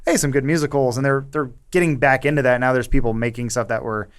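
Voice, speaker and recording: A man's voice: medium pitch, fairly even intonation, quick pace, smooth. Rambling man on a panel podcast. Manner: rambling, self-interrupting. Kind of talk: casual chat.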